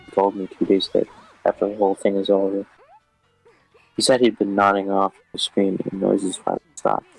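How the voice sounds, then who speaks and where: A low, gravelly man reads a scary story aloud in a flat, even voice, cursing casually as he goes. His voice is a little husky, with faint music under it. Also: rough recording. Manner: casual, swears often, flat delivery.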